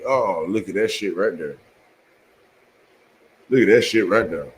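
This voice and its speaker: A man hosting a show, reading scripture slowly and haltingly, then talking it over loosely and with swearing. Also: low voice, poor audio. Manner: reads verses slowly and haltingly, then talks loosely and profanely. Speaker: show host. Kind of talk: casual scripture reading with commentary.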